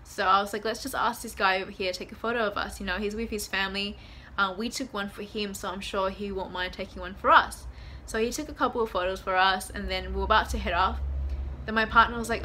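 Bright, chatty young woman vlogging. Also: mid-range voice, fairly quick, slight background noise. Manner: chatty, excitable, swears casually. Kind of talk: casual vlog storytelling. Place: out and about, shops and hotel room. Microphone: handheld phone camera.

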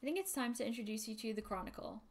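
A woman's voice: on the high side, animated, racing, a little mellow, a little hiss or hum. A woman voicing a theatrical game narrator who speaks to the reader. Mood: dramatic. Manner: dramatic, addressing the reader. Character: theatrical storyteller narrator, grand. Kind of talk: reading game narration aloud.

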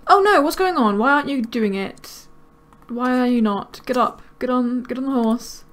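A woman giving casual let's-play commentary, chatting to her game characters with quick excited exclamations. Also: high-pitched. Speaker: gaming video creator.

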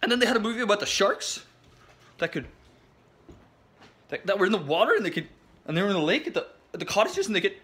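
A man's voice: high voice, big pitch swings, fast talker, pauses often, fairly bright tone, husky. Foul-mouthed man in a rambling rap rant. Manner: crude, jokey, rambling, swears constantly.

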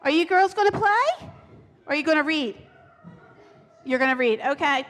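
A woman's voice: sits high, animated, moderate pace, fairly bright tone. A woman leading a playful children's time in a church service, coaxing kids to sit and play a game. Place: church sanctuary. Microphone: handheld or lapel mic. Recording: long church reverb.

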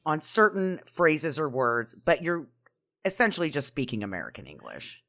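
A woman adds wry asides in a casual podcast chat. Her pitch swoops up and down a lot as she talks. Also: wildly swooping pitch, normal speed, fairly bright tone.

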